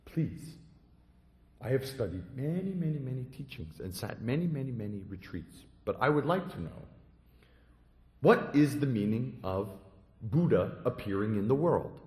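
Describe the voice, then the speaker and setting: A man's voice: medium pitch, very animated, moderate pace, darkish tone, natural voice. A man puts on an earnest monk, begging humbly for an answer and then bubbling over with grateful joy. The voice swings up and down a lot, and it rings in an echoey room. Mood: pleading. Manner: pleading, then gushing and tearful with joy. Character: overjoyed earnest visiting monk, adult man.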